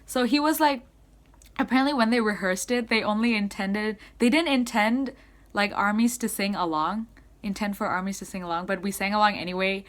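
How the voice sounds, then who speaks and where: A young woman excitedly recapping a concert she attended, in casual rambling speech full of "like". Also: medium pitch, brisk. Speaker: concert-going fan.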